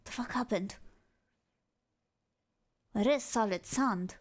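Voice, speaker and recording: A woman streamer reacting casually to videos, excitable and swearing, with many exclamations. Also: on the high side, takes it slowly.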